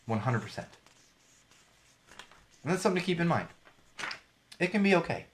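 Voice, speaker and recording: A man's voice: fairly high pitch, very animated, moderate pace, a little hiss or hum. A young man hosting a solo podcast, talking candidly and rambling, with frequent restarts and fillers. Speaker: podcast host. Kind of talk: casual solo podcast talk.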